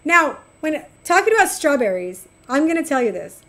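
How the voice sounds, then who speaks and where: With a high voice at normal speed, this middle-aged woman talks with her viewers while gaming. She's chatty and lively, addressing chat with warmth in a casual way.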